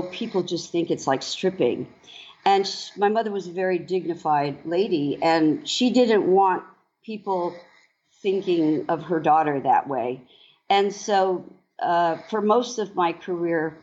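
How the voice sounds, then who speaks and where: A woman in her sixties recounts her life in dance at an unhurried pace, thoughtful and halting, full of small pauses. The recording is a bit dull and lo-fi. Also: on the low side, darkish tone. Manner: slow, reflective, halting with many fillers. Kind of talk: interview storytelling. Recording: dull lo-fi sound.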